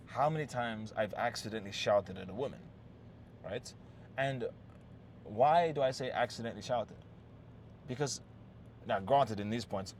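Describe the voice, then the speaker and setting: A man with a medium-pitched, darkish voice offers relationship advice off the cuff, swearing a lot and speaking bluntly. He keeps asking "yes?", restarts his sentences, and repeats words, with slight background noise behind him.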